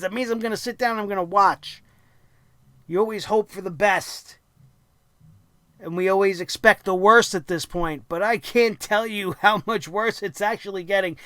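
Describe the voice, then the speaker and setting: A man's voice: high voice, a bit bright, dry recording. A man hosting a wrestling review show, ranting angrily and sarcastically with lots of profanity.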